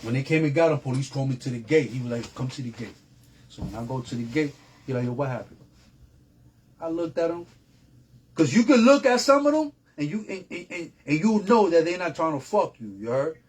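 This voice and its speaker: A man's voice: a little high, lively intonation, fairly quick, a little hiss or hum. A man, a guest telling a long story in a casual, streetwise way with heavy slang and repeated phrases. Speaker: interview guest.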